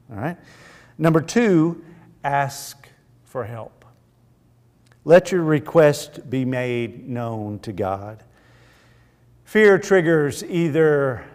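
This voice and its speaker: A man's voice: medium pitch, big-room sound. A man teaching an evening church Bible class in an earnest, emphatic way. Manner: earnest, emphatic, slow and deliberate.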